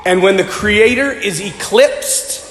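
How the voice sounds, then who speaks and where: A man, a Catholic priest, preaching an earnest, emphatic sermon and often clearing his throat. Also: high voice, slow pace, a bit bright. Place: church. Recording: echoey church with long reverb.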